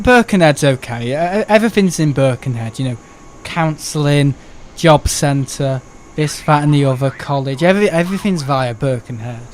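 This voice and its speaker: A young man, his voice sitting a little high. He rambles in a loose, chatty way while streaming, swearing freely. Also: a little hiss or hum. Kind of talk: casual live-stream chat.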